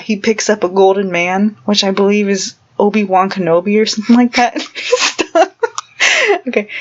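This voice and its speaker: Giggly rambling woman vlogger, lo-fi sound. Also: mid-range voice. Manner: rambling, giggly retelling full of fillers. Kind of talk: casual storytelling to camera.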